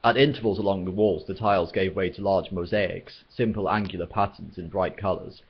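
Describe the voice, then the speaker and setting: A man with a low, husky voice reads a novel aloud at a steady, measured pace. The recording is muffled and lo-fi, like a home setup. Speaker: storyteller.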